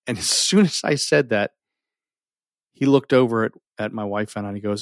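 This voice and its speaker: A middle-aged man telling a personal story with earnest feeling, often sinking his voice low and holding back tears. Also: fast talker, no echo, clean studio sound. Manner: earnest, emotional, often drops to near a whisper. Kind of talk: personal story told to an audience.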